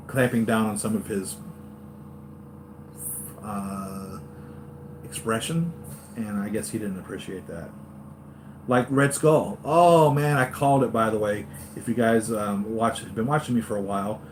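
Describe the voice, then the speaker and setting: Low-voiced man rambling on a live stream. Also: noisy background. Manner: excitable, digressive, lots of fillers and restarts. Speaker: toy collector channel host.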